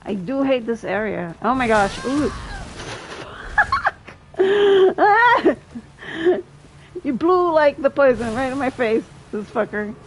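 A woman streamer with a fairly high, animated voice chats with her viewers while playing a video game, talking at a moderate pace with few pauses. She exclaims often and laughs between remarks, and a little hiss or hum sits under the recording.

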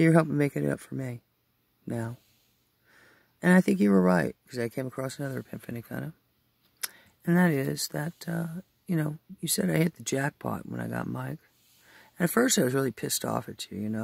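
A man rambling through an emotional monologue in a vlog, talking aloud to his late father, with his loudness swinging widely from line to line. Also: mid-range voice, vocal fry, breathy edge, no echo.

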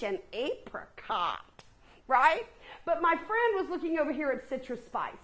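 A woman in her fifties giving an energetic motivational presentation, asking the audience questions. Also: sits high, low-quality recording. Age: 50s. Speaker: keynote speaker. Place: conference room with a live audience.

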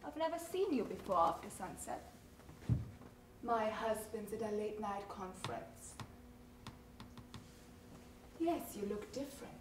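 A woman's voice: medium pitch, lively intonation, unhurried, pauses often, background noise, close to an everyday voice. A woman acting a coy, teasing married woman in a live stage play, performed theatrically on a small theater stage. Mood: seductive. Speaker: stage actress. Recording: echoey stage from far off.

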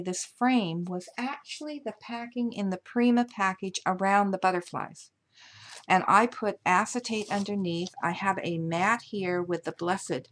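A woman showing off a handmade paper album, chatty and gushing over the materials as she walks through each page. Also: lowish voice. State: hiccups. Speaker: paper craft designer. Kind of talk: craft show-and-tell tutorial.

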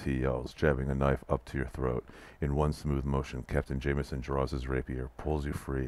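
Reading a text adventure aloud for a let's play, a man with an extremely low, deep voice delivers the passages evenly and fairly quickly, with few pauses. Between passages he slips in dry, wry remarks about what's happening.

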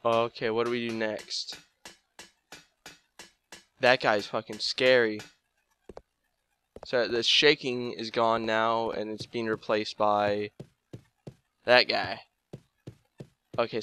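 A man giving casual, excitable commentary while playing a video game, swearing and thinking aloud. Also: on the low side, slight background noise. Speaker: let's play gamer.

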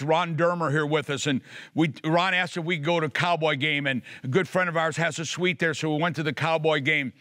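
Brief: male TV pastor, fairly high voice, fervent emphatic preaching, faint music under him. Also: pushed and bright, no room sound, clean studio sound. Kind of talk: televised sermon and prayer.

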